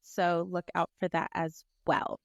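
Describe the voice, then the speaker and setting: A woman's voice: on the low side, completely flat delivery, a little slow, creaky, dry recording, lo-fi sound. A young woman hosting a casual sports podcast, upbeat as she runs through reminders and the sign-off. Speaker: podcast host.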